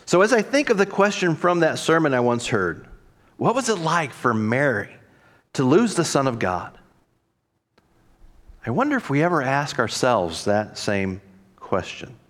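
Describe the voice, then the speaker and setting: A man's voice: mid-range voice, sing-song, a little slow, long pauses, a bit bright. A man, a pastor, delivering a reflective sermon and voicing quoted dialogue expressively.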